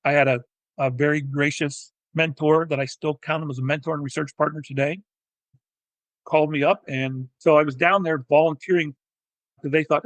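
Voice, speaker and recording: A man, a physical therapist and educator, telling his story in a technical, animated way as an interview guest. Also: on the high side, moderate pace, dry recording, rough recording. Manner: technical, animated, acts out quoted dialogue. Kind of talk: conversational storytelling.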